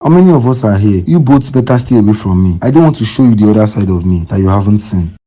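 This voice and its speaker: A man's voice: lowish voice, lively intonation, quick pace, warm tone. A man with a Nigerian accent voicing a defiant, dismissive husband in a cartoon. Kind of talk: cartoon voice acting.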